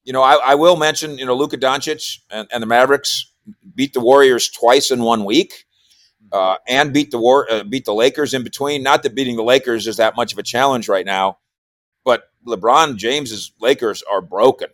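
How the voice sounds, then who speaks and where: A man's voice: mid-range voice, normal speed, dry recording. Casual sports talker, man, mid-range voice, close dry mic, stumbles and restarts. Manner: rambling, repeats words, animated when quoting. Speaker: sports columnist and podcaster. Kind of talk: casual radio chat.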